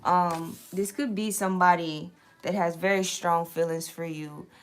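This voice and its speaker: Hosting a tarot stream late at night, a young woman reads viewer comments and chats casually, cursing without restraint. She speaks a little slowly in a lowish, steady voice.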